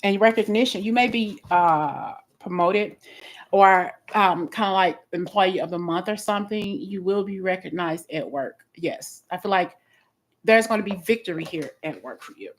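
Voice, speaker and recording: A woman giving a live tarot reading in a blunt, expressive way, often restarting her sentences. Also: mid-range voice, moderate pace, rough recording. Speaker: tarot reader.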